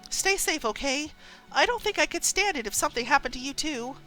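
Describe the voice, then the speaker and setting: A woman voicing a caring young woman friend with soft, earnest pleading. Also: high voice, lively intonation, a little fast, soft background music, voice pushed up.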